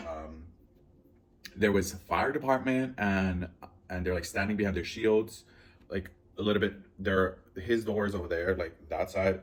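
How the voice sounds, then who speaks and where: Deep-voiced man rambling through a story. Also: slight background noise. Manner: rambling, filler-heavy, anxious retelling. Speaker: vlogger. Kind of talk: casual storytelling mukbang. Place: at home, indoors.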